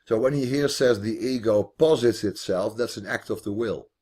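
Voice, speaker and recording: A man's voice: lowish voice, normal speed, a little mellow, breathy edge. A man teaching philosophy online in a video call, thinking aloud as he explains, with restarts and repeated words.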